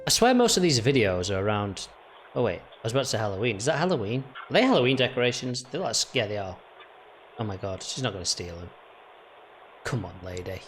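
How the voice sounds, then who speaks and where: A man's voice: on the low side, very animated, quick pace, soft background music. A young man giving chatty, mocking reaction commentary on video clips. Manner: chatty, jokey, mocking asides.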